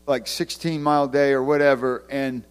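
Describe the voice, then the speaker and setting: A man's voice: medium pitch, level tone, moderate pace, clean tone. A man who works as an evangelist, giving a casual, conversational sermon full of stories and restarts. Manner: conversational storytelling, many restarts. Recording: long hall reverb.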